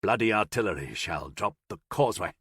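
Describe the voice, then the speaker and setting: A man's voice: on the low side, expressive, a little fast, a bit bright, slightly rough, no echo, studio quality, exaggerated voice. A man doing a breathless, seasoned soldier. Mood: grim. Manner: dryly mocking, ragged and breathless.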